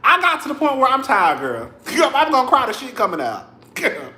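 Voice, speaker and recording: Sassy young guy ranting to the camera, high lively voice, echoey room. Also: moderate pace. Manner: sassy, animated, cussing, talks to viewers as "girl". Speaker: vlogger. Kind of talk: casual commentary vlog. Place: home room.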